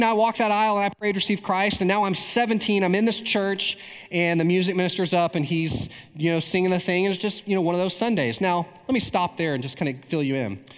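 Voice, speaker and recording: A man preaching a storytelling sermon in a large church hall, animated, with frequent "right?" asides. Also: fairly high pitch. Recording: long reverb in a large hall.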